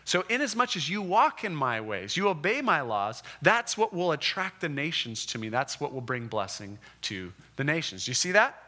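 A man teaching a Bible lesson in a lively, conversational way, checking in with his listeners. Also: fairly high pitch, moderate pace, few pauses. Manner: animated, acts out the Israelites' complaints. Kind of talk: classroom Bible lecture.

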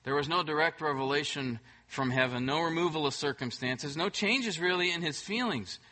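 A man preaching a sermon as pastor, emphatic, swinging between loud bursts and soft, hushed moments. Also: on the high side, moderate pace.

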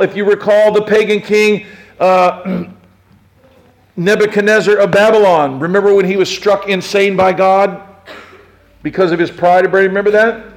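A man preaching a sermon in an animated way, swinging from hushed asides to loud shouts. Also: high voice.

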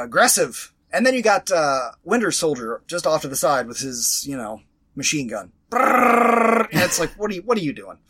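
A man co-hosting a casual podcast chat, animated and swearing freely as he acts out scenes. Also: on the high side, breathy edge. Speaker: podcast co-host.

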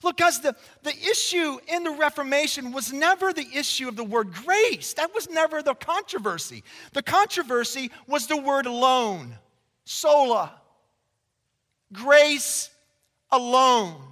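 High, bright-voiced male preacher in a hall. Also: expressive, unhurried. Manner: emphatic, swings between loud declarations and hushed passages; conversational asides to the congregation. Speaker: pastor. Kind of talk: sermon. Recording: long reverb of a large hall.

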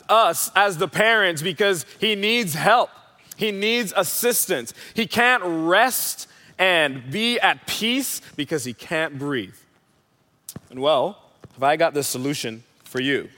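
Young guy preaching, high bright voice, echoey church hall, chatty storyteller. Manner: conversational, playful storytelling. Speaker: pastor. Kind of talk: sermon. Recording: hall reverb.

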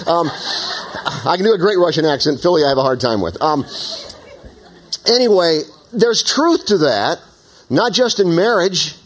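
A man preaching a sermon in an animated, conversational way, with frequent asides. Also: sits high. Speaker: pastor. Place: church meeting in an opera house.

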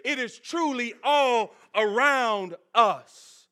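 A man preaching a sermon in a very high, bright voice. He keeps an unhurried pace and talks with the congregation in a lively back-and-forth way. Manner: animated, conversational preaching with call-and-response. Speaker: pastor.

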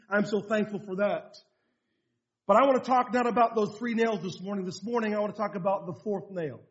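Male pastor, high-pitched voice, earnest sermon delivery, muffled lo-fi capture. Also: darkish tone. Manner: earnest preaching with scripture quotes and stories. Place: church rally hall.

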